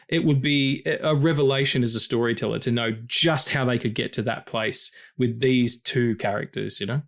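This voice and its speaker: A man co-hosting a film podcast in casual chat, talking passionately and swearing freely, his pitch jumping high when he gets excited. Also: normal speed, hardly any pauses. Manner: passionate and emotional about stories. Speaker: podcast co-host.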